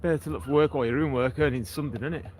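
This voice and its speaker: A man's voice: mid-range voice, very fast, heavy background noise. A man, hosting a casual walking livestream by the sea and chatting to his viewers by name. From England. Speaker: livestream host. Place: outdoors on a seaside breakwater.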